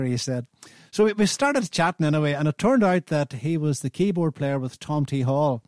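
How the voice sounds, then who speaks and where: An Irish man in his seventies hosts a radio show in a rather high voice, recorded dry with no room sound. He spins a long, chatty anecdote, backtracking and restarting sentences as he goes. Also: lively intonation, normal speed, a little mellow, dry recording. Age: 70s. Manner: rambling, anecdotal, with frequent restarts. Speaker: radio host.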